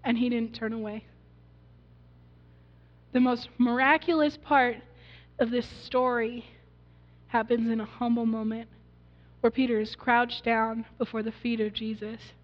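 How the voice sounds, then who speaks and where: A woman's voice: on the high side, level tone, a little slow, pauses often. A woman pastor preaching a sermon, earnest and storytelling, often asking the congregation questions. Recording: dull recording in a reverberant hall.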